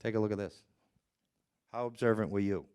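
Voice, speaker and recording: Smooth-voiced man giving a lively lecture. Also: fairly low pitch, brisk. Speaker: trainer on nonverbal communication. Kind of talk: lecture presentation. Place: presentation room with slides.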